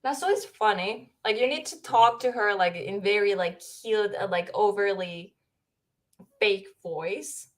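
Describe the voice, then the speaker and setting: A woman's voice: medium pitch, measured pace. A young woman from Finland hosting a casual livestream from her home, chatting at her desk mic in a giggly, rambling way. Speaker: streamer host.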